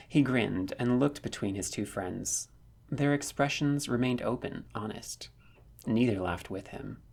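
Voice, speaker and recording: A man narrating a fan fiction story with steady storytelling. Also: medium pitch, unhurried, gravelly, husky.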